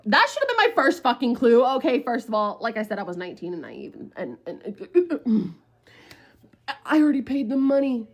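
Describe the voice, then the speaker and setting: A woman's voice: a little high, very animated, a little fast, few pauses. A woman in her twenties telling a story casually to the camera, profane and rambling, with lots of fillers.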